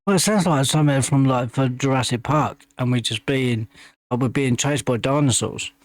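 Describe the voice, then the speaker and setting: A man's voice: medium pitch, normal speed, a little hiss or hum. A man hosting a music reaction video, talking casually with many restarts and fillers, openly enthusiastic.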